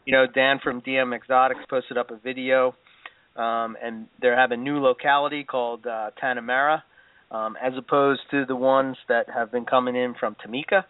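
A man's voice: medium pitch, flat delivery, moderate pace, dry recording. Hesitant man on a dry, tinny line. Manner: hesitant, many fillers, easy laughter. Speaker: podcast host. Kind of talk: casual chat. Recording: dry, tinny phone-like audio.

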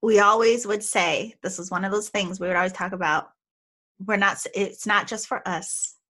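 A woman hosting a podcast, chatting affectionately with a close friend in quick bursts. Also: mid-range voice, fairly even intonation, bright, forceful tone. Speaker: podcast host. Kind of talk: casual chat.

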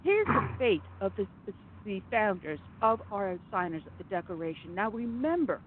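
A woman's voice: mid-range voice, sing-song, moderate pace. A woman hosting a conservative talk radio show, delivering an impassioned, emphatic monologue with sarcastic asides. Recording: phone-like narrow audio with faint noise.

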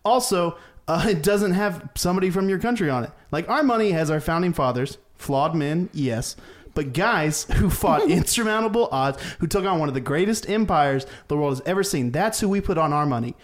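A man with a fairly high voice delivers a comic rant, deadpan and mock-serious, as if reading a grievance list. He breaks into chuckles at his own lines now and then. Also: moderate pace. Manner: laughs at his own jokes. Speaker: comedian podcast co-host.

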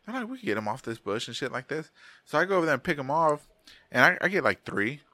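A man's voice: on the high side, sing-song, fast, sharp tone, no room sound. A middle-aged man, co-hosting a podcast and telling rambling, profane stories in casual chat. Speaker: podcast co-host.

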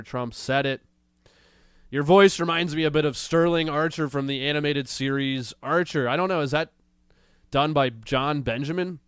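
A man hosting a casual livestream, reading chat and mocking news clips in a sarcastic, drawn-out way, with a slight cold. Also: mid-range voice, fairly bright tone, smooth, no echo, studio quality. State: has a cold. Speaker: livestream show host.

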